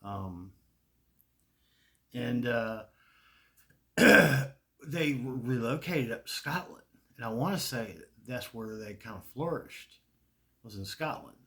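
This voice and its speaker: A man with a Southern US accent rambles through a casual monologue, swearing freely and breaking into laughter. His voice is bright and forceful, sitting at an ordinary pitch for a man. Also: animated, slow pace, long pauses. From American South. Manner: rambling, profane, laughs often. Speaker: video creator.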